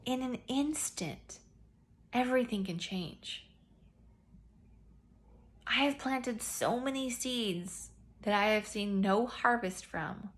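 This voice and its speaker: A woman's voice: on the high side, takes it slowly, long pauses. A woman speaking to her business team in a casual, earnest faith-based encouragement talk, often repeating herself and addressing them as "you guys".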